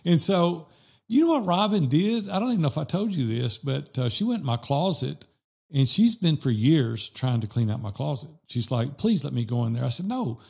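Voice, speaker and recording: A man hosting a podcast, chatting casually with his co-host. His voice has a gravelly fry to it, and he tells stories with lively acted-out quotes. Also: medium pitch. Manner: animated storyteller, quotes people in lively voices. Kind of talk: casual chat.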